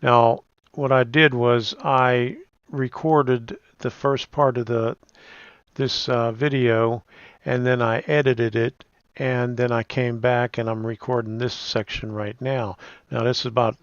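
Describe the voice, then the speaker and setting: A man with a Pittsburgh accent walks through a screen recording very slowly, his voice gravelly with vocal fry. The track sounds dull and lo-fi, with no room echo at all. He pauses on "um" as he goes. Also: medium pitch. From Pittsburgh, USA. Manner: slow, halting, with "um" fillers. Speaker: YouTuber giving channel tips. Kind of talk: casual screen-recording walkthrough.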